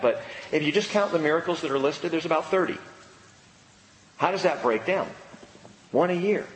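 Animated, lively-voiced preaching pastor. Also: male voice, roomy sound, a little hiss or hum, rough recording. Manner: animated, swings from excited high exclaims to low earnest emphasis. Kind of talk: sermon.

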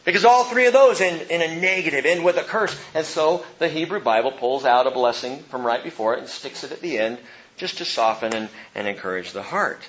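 A male pastor preaching a verse-by-verse sermon with emphasis, his voice rising and falling between soft and loud. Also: on the high side, lively intonation, a little fast, dull audio, a little hiss or hum.

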